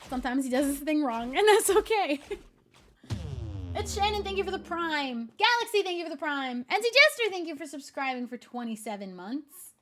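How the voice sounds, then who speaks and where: Young woman streamer just chatting, kinda high voice, laughs a lot, deadpan. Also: normal speed, slight background noise. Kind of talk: casual chat.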